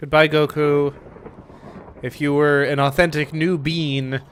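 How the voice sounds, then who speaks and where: A man's voice: a little high, flat delivery, measured pace, smooth. A man streaming a game and chatting with viewers in a wry, mock-formal way, often muttering to himself. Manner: wry, mock-formal phrasing, talks to chat. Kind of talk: casual gameplay stream chat.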